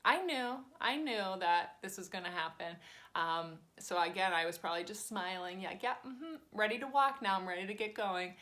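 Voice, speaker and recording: Woman, thirties, teacher, casual storytelling, animated, acts out voices, home recording. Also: medium pitch, normal speed. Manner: chatty, animated, acts out voices in her stories. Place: cozy home cottage.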